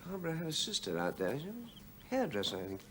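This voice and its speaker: An actor playing a stubborn middle-aged male research professor who talks in halting, rambling, defensive bursts. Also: a little high, wildly swooping pitch, a little hiss or hum. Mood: flustered. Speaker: research scientist. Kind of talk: 1980s television drama.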